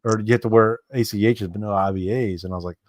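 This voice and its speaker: Halting man in casual chat. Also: lowish voice, fairly even intonation, darkish tone, dry recording, studio quality. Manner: halting, repeats words, quick asides.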